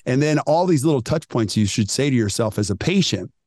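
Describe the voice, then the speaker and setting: A man coaching dental teams on a podcast, emphatic and animated, acting out what customers say. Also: medium pitch, brisk, no echo, clean studio sound. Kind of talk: energetic podcast talk.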